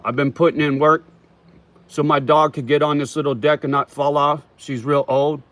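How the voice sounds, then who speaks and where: A man's voice: on the high side, flat delivery, normal speed, fairly bright tone, no room sound. Profane, slangy man on a dry mic. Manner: profane, slangy, calls viewers homie and brother; chews tobacco while talking. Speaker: livestream host. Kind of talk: casual livestream chat, answering viewer comments.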